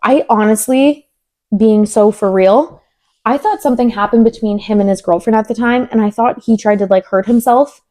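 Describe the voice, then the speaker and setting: A woman's voice: on the high side, normal speed. A young woman co-hosting a podcast, telling a story in casual chat, acting out quoted lines with many "like" fillers. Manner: animated, acts out quoted dialogue, many "like" fillers. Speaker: podcast co-host.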